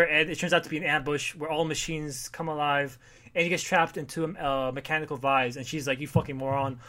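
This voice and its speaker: A man's voice: on the high side, fairly even intonation, fast, bright, forceful tone. A man in casual chat recapping a comic, rambling, swearing, and briefly acting out the characters. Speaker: podcast co-host recapping comics.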